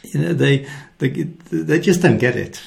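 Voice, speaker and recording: A man giving a devotional talk, telling the story with animated acted-out quotes and dropping to a soft hushed voice for key lines. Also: fairly high pitch, unhurried, creaky. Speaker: Christian speaker.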